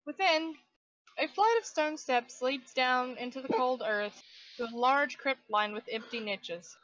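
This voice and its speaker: A woman acting as game master in a tabletop role-playing game, narrating scenes and calling for dice checks in a loose, relaxed way with frequent fillers. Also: high-pitched, measured pace, lo-fi sound, a little hiss or hum. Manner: relaxed, with many fillers and restarts.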